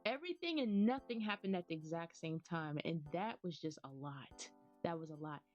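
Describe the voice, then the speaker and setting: A woman's voice: on the low side, lively intonation, moderate pace. A young American woman giving chatty, rambling commentary over a video game and laughing often. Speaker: gaming YouTuber. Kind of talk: casual gameplay commentary. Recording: slightly dull recording, faint music.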